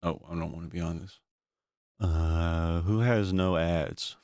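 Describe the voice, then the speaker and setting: A man with a very low voice riffs sarcastically while watching videos on stream, swearing freely and mocking what he sees. The sound is dry and close, with almost no room in it. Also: fairly even intonation, measured pace, a little mellow, no echo. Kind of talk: casual profane reaction commentary.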